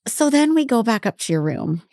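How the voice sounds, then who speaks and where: A woman's voice: on the high side, sing-song, a little fast, a little mellow, no room sound, studio quality. A woman co-hosting a podcast, chatting casually and bluntly, swearing now and then. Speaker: podcast co-host. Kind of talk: casual chat recapping a reality show.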